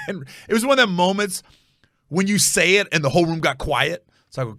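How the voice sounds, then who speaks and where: A man hosting a comedy podcast, telling a story in a casual, animated, rambling way with many restarts. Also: on the high side, fast, gravelly, pauses often, dry recording, clean studio sound.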